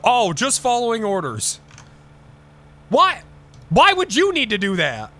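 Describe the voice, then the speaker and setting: A man streaming live, chatting casually with an excitable, profane manner and mock-outraged outbursts. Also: very high-pitched, a little slow.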